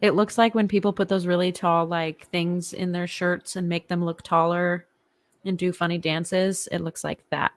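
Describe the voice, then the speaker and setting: Co-host, woman from Indiana, slightly low voice, easygoing banter. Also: little pitch movement, normal speed. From Indiana, USA. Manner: chatty, laughs often. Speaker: podcast co-host. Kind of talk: casual podcast chat.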